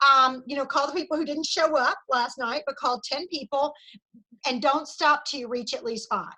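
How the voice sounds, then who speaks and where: A woman's voice: high-pitched, moderate pace, sharp tone, poor audio. A woman leading a sales team meeting over a video call, giving an enthusiastic pep talk full of cheering and recognition. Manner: enthusiastic, cheering, Southern "y'all".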